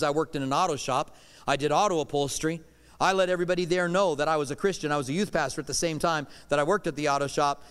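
A middle-aged male pastor preaching a sermon in earnest, swinging from loud declarations to hushed lines. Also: a little high, smooth. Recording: long hall reverb.

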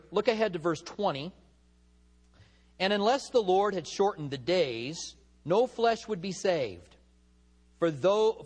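A middle-aged pastor preaching a sermon in a conversational way, mixing scripture with humorous personal stories. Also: male voice, high-pitched.

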